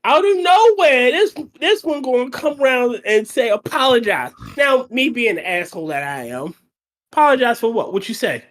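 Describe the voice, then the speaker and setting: A man on a casual podcast telling work stories, halting and restarting, swearing freely. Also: very high-pitched, sing-song, a bit bright. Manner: halting, profane storytelling with restarts. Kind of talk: casual storytelling chat.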